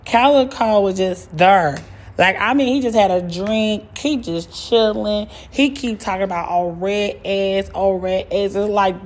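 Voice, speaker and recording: A woman giving a loose, storytelling recap in casual chat, acting out what the crowd said. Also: mid-range voice. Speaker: guest giving an event recap. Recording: voice message with loud car noise.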